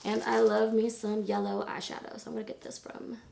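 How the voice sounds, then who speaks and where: A woman in her thirties, hoarse from laryngitis, chatting casually and rambling through a makeup tutorial. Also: on the high side, level tone, fairly quick, dark tone, a little hiss or hum. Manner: chatty, rambling, lots of fillers. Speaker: beauty vlogger.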